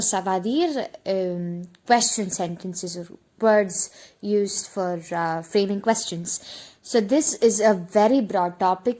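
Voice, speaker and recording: A woman's voice: mid-range voice, darkish tone. A woman teaching beginner French on her channel, speaking in a mid-range voice. She walks through each rule patiently, repeating the example sentences so viewers can follow along. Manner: explanatory, repeats examples slowly. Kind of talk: online language lesson.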